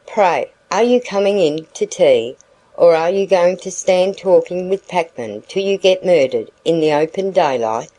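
A woman's voice: on the low side, lively intonation, measured pace, dark tone, poor audio. Woman doing a severe scolding wife. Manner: scolding, prim. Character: severe suspicious older wife, sharp-tongued.

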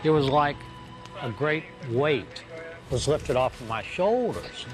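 A man, telling his own story of forgiveness in an earnest, slow way. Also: mid-range voice, expressive. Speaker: testimony speaker. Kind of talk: personal testimony. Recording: music bed underneath.

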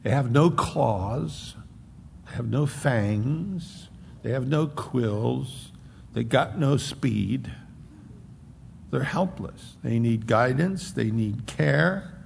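A man preaching a sermon, emphatic and conversational, slowing down to stress points. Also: mid-range voice, lively intonation, vocal fry. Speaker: pastor. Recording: long hall reverb, faint noise.

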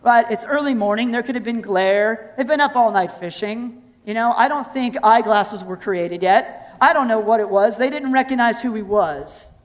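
A woman preaching a sermon in a conversational, animated way, reading verses and acting out scenes. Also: a little high, moderate pace, hardly any pauses. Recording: long hall reverb.

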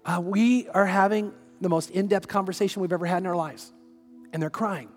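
Male pastor, conversational storyteller, raised pitch, faint music underneath. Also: a little fast, in a large hall. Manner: storytelling, conversational, with repeated rhetorical questions. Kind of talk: sermon.

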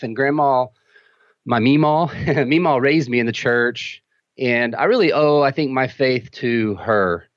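Texan pastor chatting easy, kinda dull lo-fi sound, dry. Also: male voice, mid-range voice, dry recording. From Texas. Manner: relaxed, chatty, laughs often. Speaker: pastor, guest. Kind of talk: casual interview talk.

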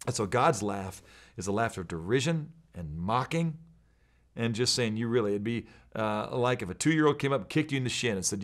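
A pastor preaches Bible teaching in an earnest, emphatic way, quoting verses as he goes. His medium-pitched voice is animated, and he speaks at a moderate pace.

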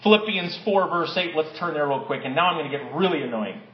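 High-voiced man preaching in an echoey hall. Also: fast talker, highs cut off, a little hiss or hum. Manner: energetic preaching, reads stories aloud, rising to emphatic peaks. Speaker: pastor. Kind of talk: sermon.

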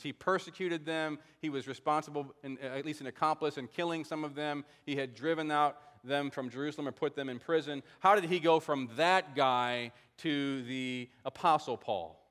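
A man preaching a sermon, his voice sitting somewhat high for a man. He reads scripture and stops to ask pointed questions. A long reverb hangs behind him from the large hall. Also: normal speed, few pauses, a bit bright. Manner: questioning, explains scripture aloud. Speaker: pastor.

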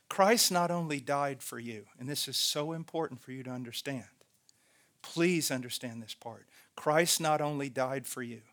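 A man's voice: mid-range voice, fairly bright tone. A man preaching a sermon, earnest and emphatic, repeating key phrases.

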